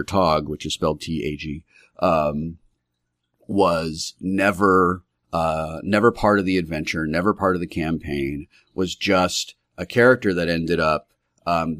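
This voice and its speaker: A man's voice: low-pitched, fairly bright tone, no room sound, studio quality. A man, a game master, casually telling a story from his tabletop game in a rambling way, full of fillers and restarts.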